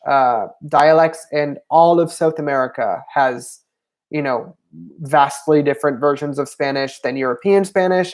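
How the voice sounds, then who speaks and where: A livestream host works through viewer questions in a loose Q&A, pausing often with ums while thinking aloud. The voice sits at a middle pitch. The delivery is unscripted and chatty. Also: a little mellow. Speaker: language channel host.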